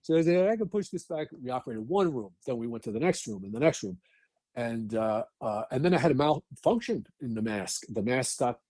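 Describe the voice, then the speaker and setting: A man's voice: medium pitch, animated, fairly quick, mellow, no echo. A middle-aged man, telling stories bluntly as a podcast guest, with frequent restarts and swearing. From New York. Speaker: guest, actor and firefighter. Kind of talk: casual podcast interview.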